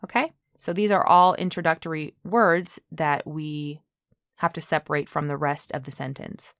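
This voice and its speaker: A woman's voice: low-pitched, fairly even intonation, moderate pace, fairly bright tone, no room sound, studio quality. A woman teaching English grammar in an online lesson, explaining patiently and often checking in with "okay?".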